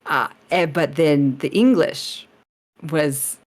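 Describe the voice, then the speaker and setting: Low-voiced woman, chatty and laughing. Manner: rambling, laughing, quick restarts. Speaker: streamer guest. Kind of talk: casual podcast interview chat.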